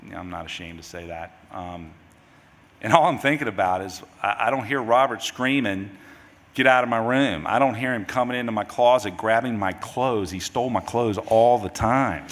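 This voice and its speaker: A middle-aged grieving father giving a eulogy at a memorial service. He talks in a halting, rambling way, restarting his sentences. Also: on the low side. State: grieving, voice near tears. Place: large memorial service hall. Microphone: microphone at a podium. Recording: hall reverb, faint background noise.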